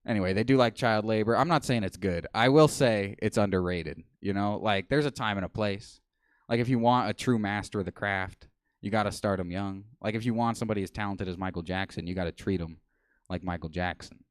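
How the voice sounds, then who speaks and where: A man in his twenties doing a deadpan, self-mocking stand-up set on a small comedy stage. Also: fairly low pitch, a little fast, clear, resonant tone, dry recording, studio quality. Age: 20s.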